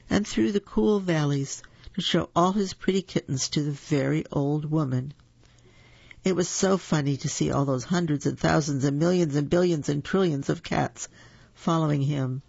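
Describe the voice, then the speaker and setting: A children's storybook read aloud at an easy, expressive pace. The voice is gravelly and husky. It sounds dry and close on a dull, lo-fi recording. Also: mid-range voice, no room sound. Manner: slow, gentle and expressive.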